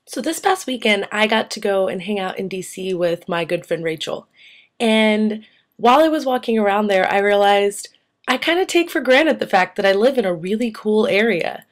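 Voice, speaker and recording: A young woman talking casually to viewers in a vlog, enthusiastic and asking them questions. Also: mid-range voice. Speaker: vlogger.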